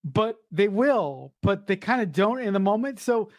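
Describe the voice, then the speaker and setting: Excitable, swearing woman podcaster. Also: medium pitch, normal speed, no room sound. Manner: excitable, profane, stumbling restarts. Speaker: podcast co-host. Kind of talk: casual chat.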